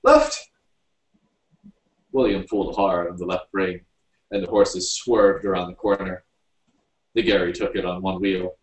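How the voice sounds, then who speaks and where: Deep-voiced man reading a story aloud. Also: level tone. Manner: unhurried storybook narration. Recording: roomy, distant mic.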